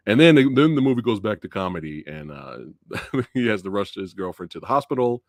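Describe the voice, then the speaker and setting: Male stream host, lower voice with big swings in pitch, dry close sound, loose and giggly. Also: very animated, brisk, dry recording. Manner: laughs often, loose and filler-heavy. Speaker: movie review channel host. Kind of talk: live-stream movie review chat.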